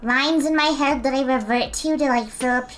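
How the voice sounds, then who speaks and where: A woman's voice: high-pitched, moderate pace, fairly bright tone, soft background music. A young woman streaming and chatting casually with her viewers, giggly and talkative. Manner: giggly, chatty, fills silence with talk.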